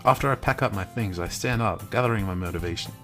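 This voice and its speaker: A young adult man, a streamer reading a visual novel aloud live, narrating plainly with wry, deadpan asides. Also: on the low side, fast, faint music behind.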